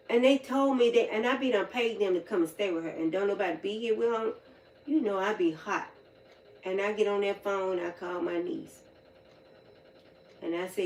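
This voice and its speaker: A woman, casually telling folksy stories on a livestream in a colloquial, animated way. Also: medium pitch, a little fast. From North Carolina, US. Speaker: livestream host. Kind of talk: casual storytelling chat. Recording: roomy echo, distant mic, faint background noise.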